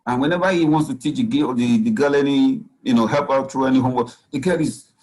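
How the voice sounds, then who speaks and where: A man's voice: mid-range voice, fast, darkish tone, low-quality recording. A man, a physician speaking as guest at a parenting talk, giving earnest advice and often saying "you know.". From Nigeria.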